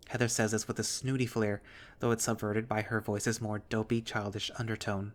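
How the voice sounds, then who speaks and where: A man narrates a visual novel in the first person. He tells it in a steady storytelling manner, and his voice sits on the low side. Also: moderate pace.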